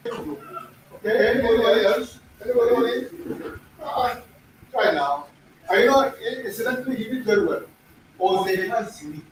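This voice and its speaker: His voice very high and lively in intonation, a middle-aged Nigerian language teacher speaks at normal speed with long pauses. He repeats words and quizzes his students on pronunciation in an echoey classroom, heard through a far mic with faint noise.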